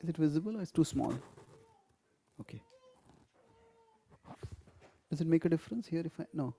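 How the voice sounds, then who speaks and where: Guy teaching a scripture class, warm mellow tone, leans hard on key words. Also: a little high, expressive, normal speed, vocal fry, breathy edge. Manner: explains step by step, stresses key words, laughs often. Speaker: spiritual teacher. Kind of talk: lecture on scripture to a live class.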